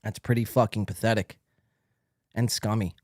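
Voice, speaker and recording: A man's voice: on the low side, steady tone, normal speed, a little mellow, no echo, studio quality. A man hosting a podcast, giving sarcastic, mocking commentary on video clips with lots of swearing. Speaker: podcast host.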